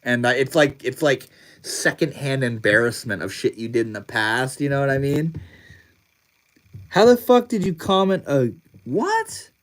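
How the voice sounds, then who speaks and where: A man's voice: mid-range voice, expressive, moderate pace. A young man hosting a casual livestream, talking loosely with lots of slang and swearing and laughing often. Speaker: livestream host.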